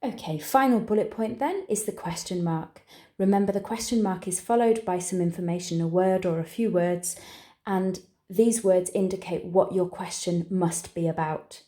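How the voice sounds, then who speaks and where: A woman with an English accent teaching, who explains each step clearly and patiently and slows down for the phrases she models. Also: lowish voice, dark tone, echoey room. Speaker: language teacher. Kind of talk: exam preparation tutorial.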